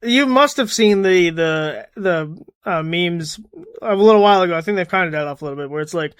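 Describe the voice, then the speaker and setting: A man's voice: high voice, fairly quick, fairly bright tone, clean tone, no room sound, studio quality. A man co-hosting a podcast in casual chat, often laughing while he tells stories. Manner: laughs through his own stories. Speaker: podcast co-host.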